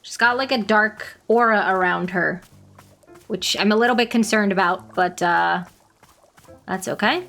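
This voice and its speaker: A woman's voice: medium pitch, measured pace, creaky, fairly bright tone, faint music behind. A woman streaming a game, chatting casually and laughing often. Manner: giggly, chatty.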